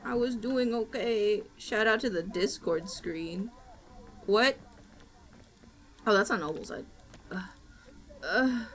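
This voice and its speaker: A woman's voice: mid-range voice, takes it slowly, pauses often, fairly bright tone. A woman streaming gameplay with friends, talking in a dramatic, playful way and breaking into mock-panicked shrieks and wails.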